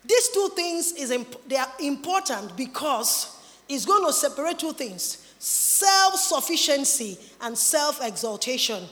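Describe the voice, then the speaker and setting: A woman preaches a sermon unhurriedly, her high, bright voice forceful and echoing with long reverb through a large hall. Her delivery is emphatic and animated, and at times she imitates others.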